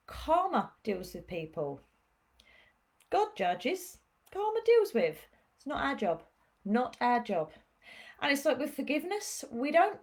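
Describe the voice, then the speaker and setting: A woman spiritual healer leading a live-streamed guided healing session, speaking in soothing, repetitive phrases with chatty asides. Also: a little high.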